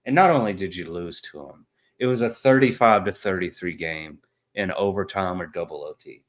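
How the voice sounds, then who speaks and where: A man's voice: low-pitched, normal speed. A man, co-hosting a casual sports podcast, blunt and trash-talking with lots of fillers. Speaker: podcast co-host.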